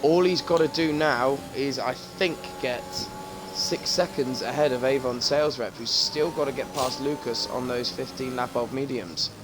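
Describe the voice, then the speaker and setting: Excitable sim-racing commentator. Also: male voice, medium pitch, normal speed, background noise. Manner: excitable, sweary, joking. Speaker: race commentator.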